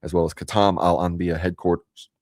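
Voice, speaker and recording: A man's voice: deep voice, level tone, a little fast, darkish tone, no room sound, clean studio sound. A man co-hosting a casual political stream, speaking while he has hiccups and reading out news items and viewer comments. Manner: reads out news and chat comments. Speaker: co-host.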